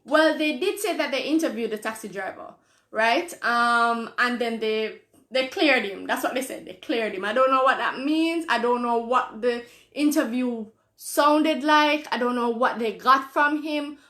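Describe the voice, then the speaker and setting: A woman's voice: a little high, a little slow, fairly bright tone. A Jamaican woman hosting a live-stream talk show, reading viewer comments aloud and answering them in an earnest, conversational way, often repeating phrases for emphasis. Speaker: host. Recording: roomy echo.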